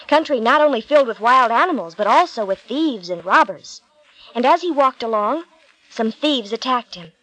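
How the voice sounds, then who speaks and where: A woman narrating a Bible story with clear, measured storytelling. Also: on the high side, fairly bright tone, poor audio.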